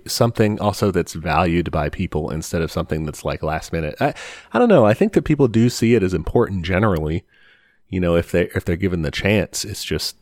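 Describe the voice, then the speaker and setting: A man's voice: low voice, dry recording. A man co-hosting a casual podcast chat, rambling and hedging with "you know" and "I don't know". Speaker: podcast co-host.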